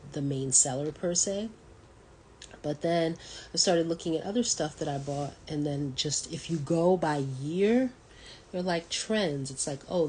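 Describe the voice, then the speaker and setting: A very low-voiced woman in her thirties hosts a solo podcast, thinking out loud in a loose, meandering way. She fills her pauses with ums and you-knows, and a faint hiss sits under the recording. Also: low-quality recording. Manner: thoughtful and rambling, many ums and you-knows. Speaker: podcast host. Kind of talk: casual solo talk.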